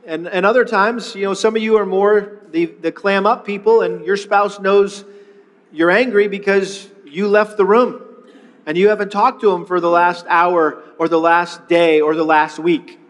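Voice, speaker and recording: High-voiced preacher in a reverberant hall. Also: male voice, fairly even intonation, normal speed. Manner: earnest, repeats words when starting phrases. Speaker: pastor. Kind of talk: sermon.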